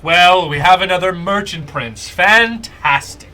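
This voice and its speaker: A man voicing a haughty, foul-mouthed woman merchant who hates losing, in a tabletop game, with shrill, exasperated outbursts. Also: animated, slow pace, sharp tone, breathy edge, heavily acted. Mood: scornful.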